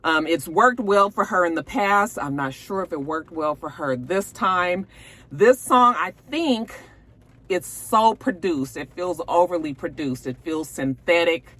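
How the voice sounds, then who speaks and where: A woman's voice: lowish voice, expressive, a little slow, a bit bright. A woman hosting a gossip show from home, chatting casually and rambling to her viewers with lots of fillers. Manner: chatty, rambling, many fillers, addresses viewers as you guys.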